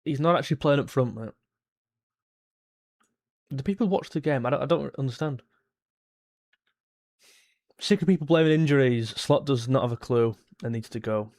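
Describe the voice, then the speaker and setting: A young man, reacting live to a football match, blunt and frustrated, jumping to excited shouts at chances. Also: medium pitch, normal speed, pauses often. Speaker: football fan streamer. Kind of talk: live match watchalong commentary.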